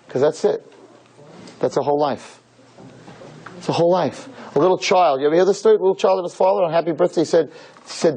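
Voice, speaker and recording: Emphatic rabbi preaching to young women. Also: male voice, fairly quick, pauses often, warm tone, husky, rough recording. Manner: emphatic and preachy, fond of rhetorical questions and repetition; pitch swings widely, jumping high on key points. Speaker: rabbi lecturing a room of girls. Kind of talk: sermon-style lecture to a live audience.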